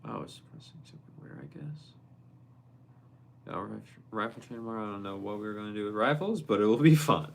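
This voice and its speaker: A young man hosting a casual livestream, reading viewer messages aloud and reacting to them in a quick, playful way. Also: on the low side, creaky. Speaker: livestream host. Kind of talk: casual live-stream chat.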